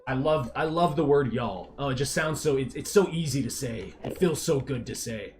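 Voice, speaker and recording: A man's voice: medium pitch, normal speed, soft background music. A man from Texas with a mild Texan accent, chatting casually and rambling with many restarts and fillers while live-streaming. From Texas, USA.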